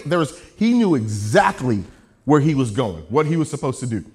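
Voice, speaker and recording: A man preaching a sermon, telling a story with jokes in an animated, self-mocking way. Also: medium pitch, normal speed.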